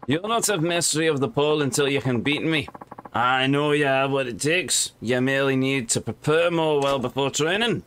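A man's voice: mid-range voice, normal speed, a bit bright, slight background noise, natural voice. A man voicing a proud male pole-fighting master from Taiwan in an over-the-top put-on Scottish accent. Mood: stern.

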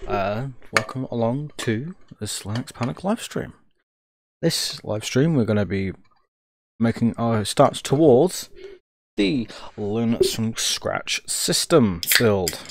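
A man's voice: medium pitch, animated, slow, pauses often, a little hiss or hum. A young man streaming live, joking, swearing freely and thinking aloud as he works. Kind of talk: casual live-stream commentary.

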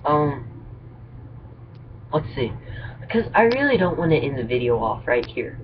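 A man's voice: a little high, sing-song, a little slow. A man vlogging casually, telling jokes in a hesitant, rambling, self-deprecating way. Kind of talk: casual joke-telling vlog. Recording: dull lo-fi mic with clear background noise.

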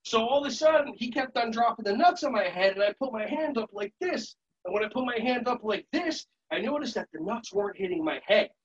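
A high-pitched man running a lively live workshop, switching between quick explanations, sing-song chanting and sudden shouted calls. The sound is dull and lo-fi, like streamed conference audio. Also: breathy edge. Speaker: children's yoga and martial arts instructor. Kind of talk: live virtual workshop demonstration.

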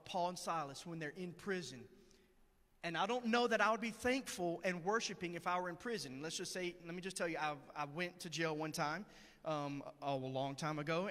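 A man's voice: sits high, a bit bright. A man preaching a sermon in church, telling a story in a conversational, earnest way. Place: church sanctuary. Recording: long hall reverb.

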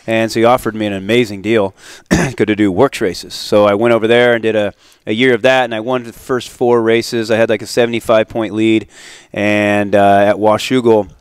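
A man's voice: on the low side, little pitch movement, normal speed, smooth, no echo, studio quality. A man in his forties, a retired motocross racer, telling stories in a casual interview, acting out quoted dialogue and laughing often.

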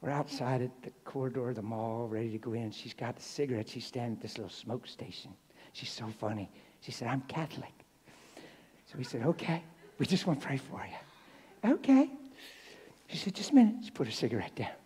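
A man preaching a sermon to a congregation, telling stories in an animated way that drops to a hush and rises to shouts. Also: medium pitch, brisk, husky. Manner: animated, swings from hushed to shouting. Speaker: traveling preacher. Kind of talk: sermon with storytelling. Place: church sanctuary. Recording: live church hall reverb.

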